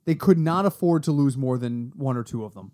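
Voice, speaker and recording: A man co-hosting a casual fantasy football podcast, animated and quick to exclaim, a little tipsy from drinking. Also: medium pitch. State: has been drinking. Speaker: podcast co-host.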